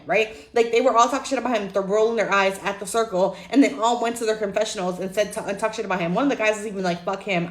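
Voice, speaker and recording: A woman's voice: mid-range voice, echoey room. A young woman ranting casually about a reality show, blunt and profane, acting out what people said. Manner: animated, blunt, profane, acts out quotes. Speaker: reality TV commentator. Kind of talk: casual opinion rant to camera.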